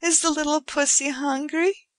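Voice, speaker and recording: A woman's voice: high-pitched, very animated, measured pace, fairly bright tone, no room sound, voice pushed up, exaggerated voice. A woman voicing an eager, affectionate young woman guest who gushes and coos in baby talk, in an audiobook reading. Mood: delighted cooing. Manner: gushing, cooing baby talk to a cat. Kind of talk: audiobook character voice.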